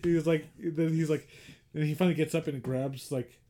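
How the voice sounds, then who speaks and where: A man with a somewhat higher voice co-hosts a casual movie podcast. He rambles through scenes, piling on fillers and jumping back and forth. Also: fairly quick. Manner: rambling, filler-heavy retelling with animated acted-out quotes. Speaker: podcast co-host.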